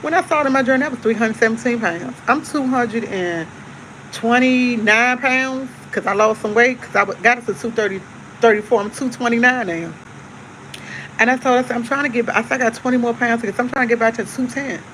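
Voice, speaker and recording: A woman's voice: fairly high pitch, a little fast, fairly bright tone, a little hiss or hum, poor audio. A woman hosting a casual live stream, chatting easygoingly to her viewers and repeating herself. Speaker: livestream host. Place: at home with coffee.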